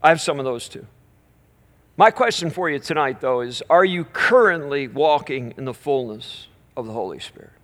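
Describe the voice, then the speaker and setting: A middle-aged man preaching as a minister, telling a story with animated energy and easing into soft, slow prayer. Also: fairly high pitch. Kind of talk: storytelling sermon at a live church event.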